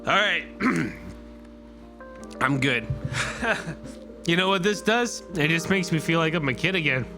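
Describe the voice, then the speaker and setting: Dude reviewing a trailer, all excited and rambly, music playing in the background. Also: male voice, on the high side, a little slow. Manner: excitable and rambling, with many fillers and restarts. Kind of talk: casual reaction commentary.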